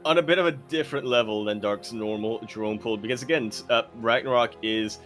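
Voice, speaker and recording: A man casting a live video game match, with excitable play-by-play that rises to shouts at big moments. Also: medium pitch, fairly quick, soft background music. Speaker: esports caster.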